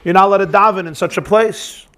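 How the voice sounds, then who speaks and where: A man's voice: sits high, fast talker, a bit bright. A man playing an anguished devout rebbe. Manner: pained, earnest pleading.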